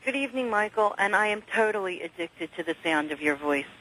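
This is a woman calling in to a radio show from Philadelphia, speaking with a Philadelphia accent. She chats quickly and breaks off to restart her sentences. Her voice is bright and forward. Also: mid-range voice, animated, a little hiss or hum, poor audio. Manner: chatty, quick, halting restarts. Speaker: caller. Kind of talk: call-in radio chat.

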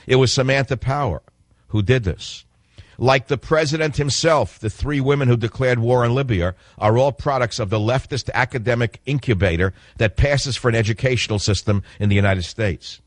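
A man's voice: medium pitch, normal speed, dry recording. A man hosting a political radio talk show, speaking in an emphatic monologue that repeats and stresses key phrases.

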